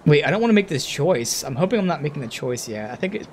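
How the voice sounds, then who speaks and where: A man streaming a game, commenting casually and thinking aloud with sudden bursts of excitement. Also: a little high, quick pace, a little hiss or hum.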